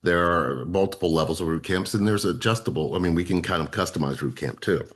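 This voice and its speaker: Very deep-voiced earnest man. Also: fairly quick. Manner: earnest, repeats words for emphasis. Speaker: relationship coach, co-host. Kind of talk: casual explanatory talk.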